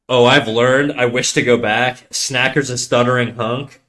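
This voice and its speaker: Young man, live streamer, bassy nasal voice, stuttering, fast rambling, casual, swears, says dude a lot. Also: fairly even intonation, fairly bright tone. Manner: fast rambling talk with frequent stutters and restarts; swearing, slangy, calls listeners dude. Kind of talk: casual chat reading viewer comments.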